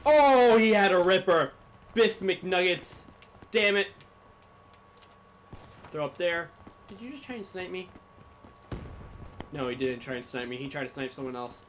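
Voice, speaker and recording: A man giving live gameplay commentary as a gaming YouTuber, swinging from low muttering to sudden yelling. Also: unhurried, long pauses, slight background noise.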